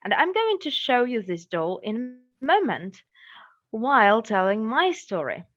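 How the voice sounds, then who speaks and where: Slow expressive Russian-accented woman storyteller. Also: a little high, lo-fi sound. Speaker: English teacher telling a story.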